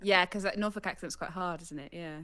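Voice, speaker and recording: A woman's voice: fairly low pitch, brisk, a loud crowd. A woman voice actor chatting casually and rambling with friends on a live-streamed podcast. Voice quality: bright and giggly, rambling. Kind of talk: casual group chat.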